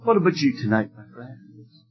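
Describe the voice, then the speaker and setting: A man preaching an evangelistic sermon, telling stories fervently and emphatically, with loud exclamations at times. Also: medium pitch, very animated, moderate pace, lo-fi sound, faint music behind.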